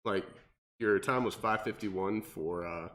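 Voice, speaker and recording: A man's voice: sits low, unhurried, fairly bright tone. A man, a personal trainer, asking questions and adding details in a casual chat. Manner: asks questions, corrects and adds details.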